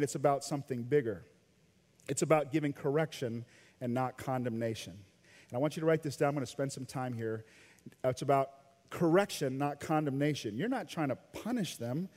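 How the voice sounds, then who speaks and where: A man preaching a sermon as a pastor, telling family stories with acted-out quotes and frequent laughter. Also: a little high. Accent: Midwestern American. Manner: animated storytelling, acting out quoted lines, laughs often. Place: church auditorium. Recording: long hall reverb.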